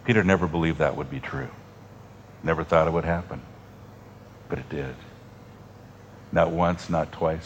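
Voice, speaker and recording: Male pastor, low voice, preaching style with big swings from emphatic to hushed, slight noise on the track. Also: very animated. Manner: dynamic preaching, drops to soft near-whispers, long dramatic pauses. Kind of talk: sermon.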